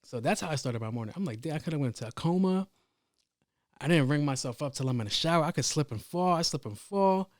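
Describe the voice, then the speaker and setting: Man, podcast host, casual solo talk, profane, animated, dry sound. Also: a little high, fast talker, dry recording. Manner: profane, rambling, animated retelling.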